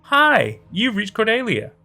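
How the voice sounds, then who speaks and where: A creepy, chirpy voicemail greeting rings out, bubbly and feminine yet wrong, as a man narrating puts it on. It soars high and bright, looping the same words like a broken machine, unsettling in a horror story. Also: huge pitch swings, a little slow, gravelly, faint music behind, heavily acted. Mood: eerie chirpy. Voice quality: upbeat, high, repetitive. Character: eerie mimic voice, bubbly fake woman's voicemail greeting.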